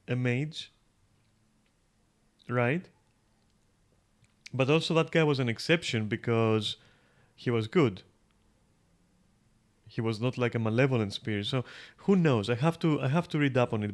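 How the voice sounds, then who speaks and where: A man streaming a game, thinking aloud in loose, rambling talk full of fillers and casual swearing. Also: mid-range voice. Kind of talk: casual gameplay commentary.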